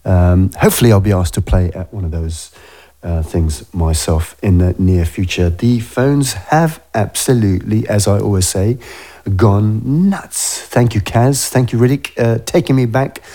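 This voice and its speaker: A man's voice: on the low side, unhurried, dark tone. A man hosting a radio show, chatting casually in a rambling way full of fillers, on a studio microphone.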